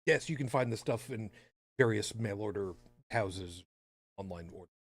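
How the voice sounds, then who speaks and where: A man's voice: fairly low pitch, moderate pace, breathy edge. A man hosting a podcast in casual chat, talking with sarcastic, rambling asides. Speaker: podcast host.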